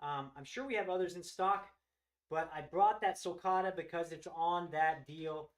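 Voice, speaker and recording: A man's voice: on the high side, normal speed. A man hosting a live reptile sales stream, gushing with enthusiasm over each animal and rambling through restarts. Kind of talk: live-stream product showcase.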